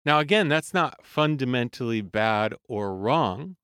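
A man in a voice lesson podcast speaks with a smooth, resonant tone in a dry, close recording. He explains each point calmly and in measured steps. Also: medium pitch, no room sound. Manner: calm, explanatory, demonstrates sung vowel sounds. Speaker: voice coach.

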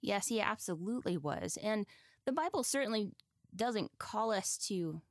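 A woman co-hosts a podcast, moving the story along with questions and light, friendly teasing. Her voice sits at a middle pitch and is recorded close and dry. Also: lively intonation, moderate pace, dry recording. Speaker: podcast co-host. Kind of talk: conversational interviewing.

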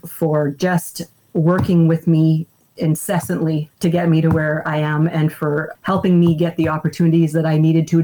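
Candid, lower-voiced woman umpire. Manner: candid storyteller, animated retelling of anecdotes. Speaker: baseball umpire and umpire association president. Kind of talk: casual podcast interview.

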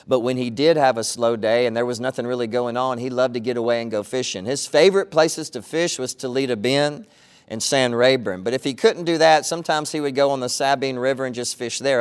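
A middle-aged pastor delivers his sermon like a story told among friends. His voice sits at an ordinary pitch, and his tone stays earnest and conversational. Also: brisk, clean tone.

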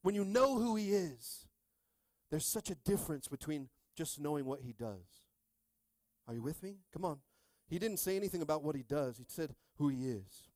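A male pastor in his thirties preaching a sermon, calling out to the congregation and swinging from quiet asides to shouting. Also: fairly high pitch, animated, moderate pace, no echo.

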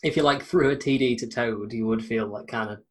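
A man co-hosting a podcast, joking in a halting, casual way. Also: medium pitch. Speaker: podcast co-host. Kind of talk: casual chat.

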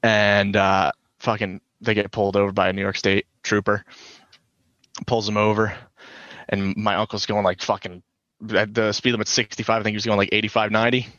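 Low-voiced man telling a profane story. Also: flat delivery, a little fast, no room sound, lo-fi sound. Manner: profane, does loud voices for quoted people. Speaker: podcast co-host. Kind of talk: casual storytelling.

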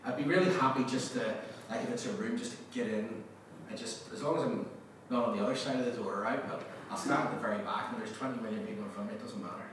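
A male pastor giving a sermon, telling stories with lively acted-out quotes and laughter. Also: medium pitch, quick pace, slight background noise. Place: large church hall. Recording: echoey church hall from a distance.

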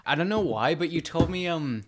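A young man chatting casually with an old friend, his voice sitting a little high for a man. He tells stories in a joking way and keeps breaking into laughter. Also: animated, moderate pace, background noise. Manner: joking, storytelling, laughs often. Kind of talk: casual chat between friends.

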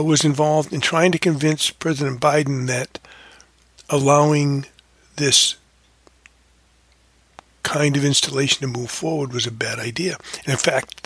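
A man's voice: on the high side, sharp tone, breathy edge, dry recording. A man hosting a casual commentary, rambling and correcting himself often with fillers. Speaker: podcast host.

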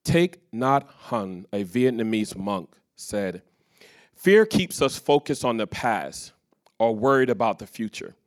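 A man's voice: lowish voice, animated, a little slow. A man preaching a sermon to a live congregation, telling stories full of quoted dialogue. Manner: storytelling with quoted dialogue, varied loudness. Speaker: pastor. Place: church stage before a live congregation.

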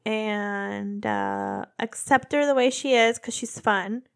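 A woman in her thirties co-hosting a casual podcast chat, an animated storyteller who acts out quotes. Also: medium pitch, slow pace, vocal fry. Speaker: podcast co-host.

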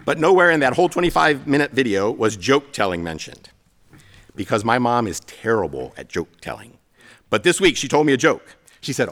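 A middle-aged pastor preaching a sermon, telling stories with self-deprecating humor. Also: male voice, mid-range voice, very animated, fairly quick, fairly bright tone.

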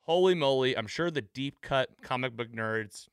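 A man with a clear, resonant mid-range voice hosts a casual podcast recap at a moderate pace, animatedly voicing the lines he quotes. It's studio quality with no room sound.

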